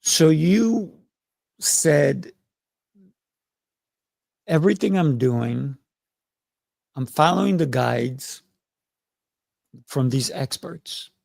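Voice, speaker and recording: Gravelly-voiced man hosting an interview. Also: fairly high pitch, lively intonation, darkish tone, no echo, studio quality. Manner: enthusiastic, affirming, halting restarts. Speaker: host. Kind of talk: casual interview.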